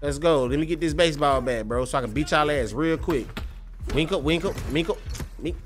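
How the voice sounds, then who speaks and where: A young fighting-game streamer talks briskly in a voice on the high side, with soft music in the background. His commentary is profane and frustrated, packed with trash talk aimed at enemies and loud outbursts directed at chat.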